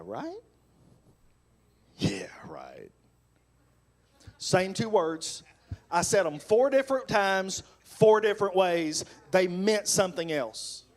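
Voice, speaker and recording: A male pastor preaching on marriage, animated and acting out sarcastic replies. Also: sits high. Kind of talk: sermon on marriage.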